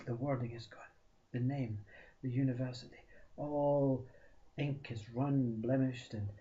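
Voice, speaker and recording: Mellow man telling a parable. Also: medium pitch, moderate pace, slight background noise. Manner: animated, repeats for emphasis, drops to whispers. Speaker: spiritual storyteller. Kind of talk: storytelling talk. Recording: dull lo-fi recording.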